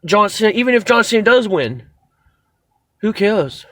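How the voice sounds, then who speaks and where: High-pitched guy ranting about wrestling, all fired up, swears a lot, dry close sound. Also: normal speed, pauses often, no echo. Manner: excitable, rambling, swears freely. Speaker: wrestling show reviewer. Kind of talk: casual video review.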